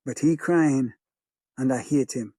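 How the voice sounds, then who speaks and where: Jamaican man narrating in hushed patois. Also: medium pitch, measured pace, dry recording. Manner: rhythmic, hushed storytelling in patois. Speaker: audiobook narrator. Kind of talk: first-person audiobook narration of a child's memory.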